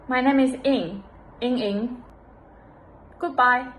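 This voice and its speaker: A woman's voice: sits high, lively intonation, takes it slowly, long pauses, fairly bright tone, slight background noise. A woman teaching phrases, repeating each word carefully.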